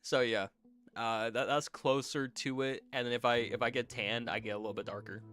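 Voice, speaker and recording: A man's voice: medium pitch, fairly even intonation, moderate pace, a bit bright, clean tone, soft background music. A young man streaming, chatting casually with his chat, rambling and laughing with many restarts, his nose a little stuffy. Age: young adult. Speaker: vtuber streamer.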